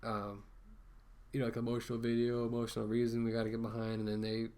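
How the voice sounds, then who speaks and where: A man's voice: mid-range voice, completely flat delivery, fast, darkish tone. A man ranting casually to camera as a vlogger, rambling with many fillers and restarts, talking through a mask.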